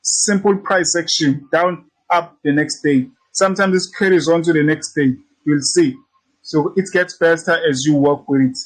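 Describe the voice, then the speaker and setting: Brief: cocky male trading coach, high voice, talks casually. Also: poor audio. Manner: brash, teasing, repetitive, swears freely. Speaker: trading instructor. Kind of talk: casual screen-share tutorial.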